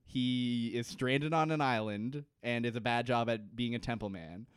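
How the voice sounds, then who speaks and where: A man's voice: medium pitch, moderate pace, clean tone, no echo, clean studio sound. A man co-hosting a podcast in a casual comedic chat, jokey and swearing freely. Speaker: podcast co-host.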